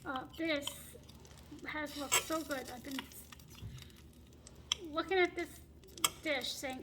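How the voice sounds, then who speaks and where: Chatty high-voiced woman cooking at home. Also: unhurried, pauses often, very noisy. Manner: chatty, laughs often, apologetic asides. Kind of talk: casual cooking vlog chat. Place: home kitchen. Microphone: phone camera held and turned while cooking. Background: pet bird chirping faintly.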